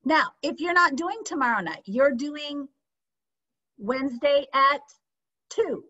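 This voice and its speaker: A woman teaching a sales training session, lively and often checking in with her audience with questions. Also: high-pitched, takes it slowly, pauses often. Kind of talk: training session on a video call. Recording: slightly dull lo-fi sound.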